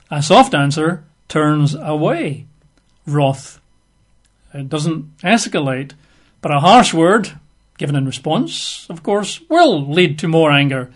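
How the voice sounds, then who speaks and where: A man's voice: a little high, expressive, takes it slowly. A man giving a conversational Bible teaching, chatty and wry, with frequent fillers.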